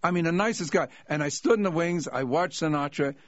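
A male comedian telling anecdotes in an animated way, acting out the people in his stories. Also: a little high, a little fast, no echo, dull audio. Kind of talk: anecdotal storytelling.

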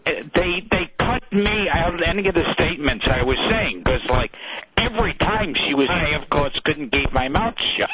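A man's voice: on the high side, animated, normal speed, highs cut off, loud music behind the voice. A man calling in to a radio show by phone, stammering and laughing as he talks. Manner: stammering, laughing, restarting sentences. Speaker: guest caller, comedian. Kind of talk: casual phone-in chat.

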